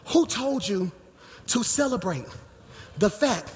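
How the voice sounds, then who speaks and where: A pastor in his forties preaching a sermon in a church sanctuary, moving between quiet teaching and shouted emphasis. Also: high voice, expressive, slow. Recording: live church hall reverb, faint noise.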